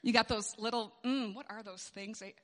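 A woman giving an animated storytelling sermon to a group of moms, laughing often as she speaks. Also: a little high, normal speed. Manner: animated, laughs often while telling stories. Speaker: speaker at a moms' gathering. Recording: long hall reverb.

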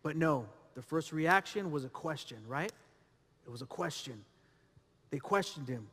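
Male pastor, bright ringing tone, repetitive sermon delivery in a reverberant hall. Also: high-pitched, moderate pace. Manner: preaching with rhetorical questions and repetition.

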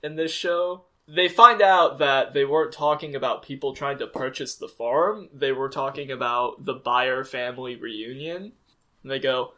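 Bright, animated man cracking jokes. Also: on the high side, unhurried. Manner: animated, swears freely, acts out scenes. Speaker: podcast co-host. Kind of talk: casual chat.

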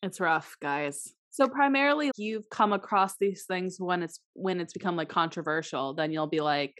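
A woman co-hosting a casual chat, blunt and quick to agree. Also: on the low side, a bit bright, dry recording, clean studio sound. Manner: blunt, frequent agreeing backchannels.

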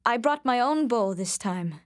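A woman's voice: on the high side, expressive, a little slow, no echo, studio quality. A woman voicing a humble, polite poor village father in a storybook reading.

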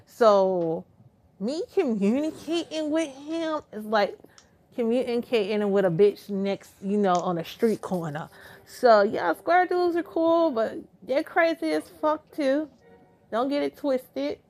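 A woman's voice: on the high side, slow, a little mellow. A woman from Florida, a listener whose message is being played, talking frankly and profanely in a casual way. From Florida, United States.

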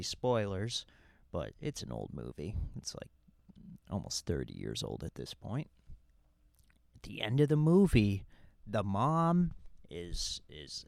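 A man hosting a casual podcast who talks slowly and rambles, stumbling over his words as he starts sentences over. His pitch swings widely, so his delivery sounds animated even at a relaxed pace. The recording is dry and close, with no room sound. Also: vocal fry, dry recording. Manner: rambling, with many restarts and stammered repeats. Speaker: podcast host. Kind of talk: casual chat.

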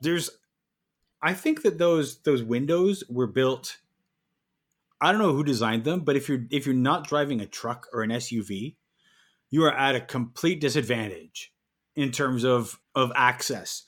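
A man co-hosting a podcast, telling stories in a casual, animated and exasperated way. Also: medium pitch, a little slow. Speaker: podcast co-host. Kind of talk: casual chat.

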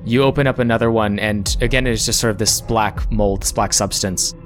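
A man running a tabletop game as game master, narrating scenes in a measured way with small pauses and restarts. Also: on the low side, fairly even intonation, soft background music.

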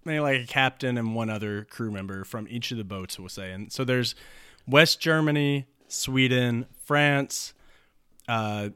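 A young man improvising a story with friends, animated and rambling, laughing often. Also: mid-range voice, a little slow, clean tone, no room sound, studio quality.

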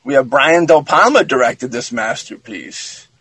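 A man's voice: mid-range voice, lively intonation, unhurried, fairly bright tone, slightly rough, dry recording, low-quality recording. A man hosting a podcast, chatting loosely about a film and restarting his sentences often. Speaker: podcast host. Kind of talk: casual film commentary chat.

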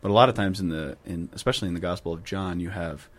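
A man's voice: low voice, fast. A young man co-hosting a podcast, chatting casually with dry, teasing jokes. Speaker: podcast co-host, seminarian. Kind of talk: casual chat.

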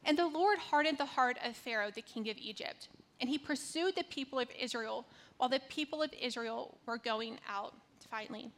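Woman in her thirties, high bright voice, from North Carolina, chatty sermon storytelling. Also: fairly quick, a little hiss or hum. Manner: conversational, storytelling with fillers. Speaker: speaker giving a devotional talk.

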